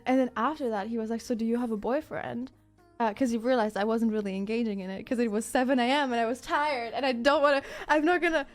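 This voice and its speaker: This is a young woman from Germany with a German accent, streaming, who recounts a story to her chat in a casual, animated way. Her voice sits a little high, and she acts out quotes and swears freely. Faint music plays behind her. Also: quick pace.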